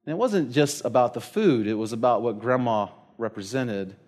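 A middle-aged man, preaching a sermon in an animated, storytelling way. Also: medium pitch, normal speed. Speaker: pastor.

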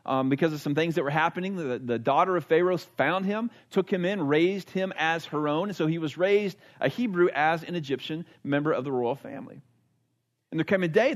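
Earnest preaching man, slightly high voice. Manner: earnest, emphatic preaching with dramatic drops to a hush. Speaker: pastor. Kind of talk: sermon.

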